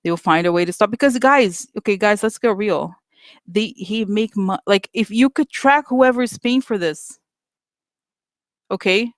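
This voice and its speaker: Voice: mid-range voice, a little slow, no room sound. A vlogger ranting casually and with exasperation to viewers, talking in loose runs full of fillers and restarts. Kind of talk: casual opinion rant to viewers.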